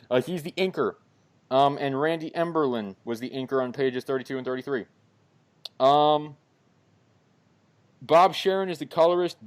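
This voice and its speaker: Rambling, apologetic podcast co-host man. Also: fairly high pitch. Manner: rambling, apologetic, many fillers. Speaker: comic review podcast co-host. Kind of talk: casual podcast talk.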